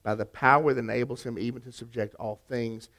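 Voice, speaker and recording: A man's voice: mid-range voice, fairly even intonation, a little fast. Man preaching a sermon. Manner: emphatic preaching with rhetorical questions, shifting to quiet storytelling. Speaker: pastor.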